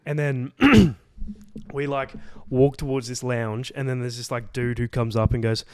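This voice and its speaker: A man's voice: mid-range voice, a little slow, darkish tone, clean tone, no echo. A young man, telling a travel story in a loose, rambling way, full of "like" and casual swearing, on a podcast. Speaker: podcast co-host. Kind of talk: casual chat.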